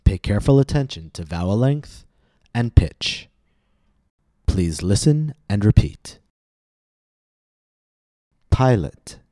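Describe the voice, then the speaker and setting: A male pronunciation teacher with a deep, mellow voice talks slowly and deliberately. He leans hard on stressed syllables in his example words. The recording is dry and close. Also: animated, dry recording. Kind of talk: scripted pronunciation lesson.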